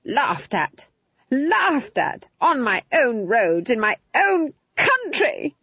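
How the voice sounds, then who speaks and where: A woman reading an audiobook, voicing a fierce, proud old witch woman who is quick to outrage. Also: on the low side, sing-song, breathy edge, dry recording, lo-fi sound, exaggerated voice. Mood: indignant. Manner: indignant shouting, drawn-out outbursts. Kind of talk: audiobook character voice.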